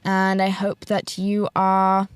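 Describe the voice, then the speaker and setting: A woman's voice: mid-range voice, monotone, takes it slowly, clean tone, dry recording. A young British woman in her twenties hosting a solo podcast from inside a parked car, rambling and self-deprecating and packing her talk with fillers. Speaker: podcast host. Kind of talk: casual solo podcast chat.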